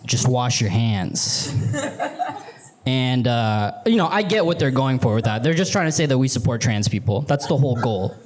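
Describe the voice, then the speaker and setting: A man's voice: medium pitch, lively intonation, brisk, hardly any pauses, a crowd in the background. A young man from Vancouver doing a stand-up set in a rambling, sheepish way, full of "like" and "you know". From Canada, Vancouver. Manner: rambling, filler-heavy, sheepish. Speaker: stand-up comedian. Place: comedy theater stage. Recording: live club with audience laughter.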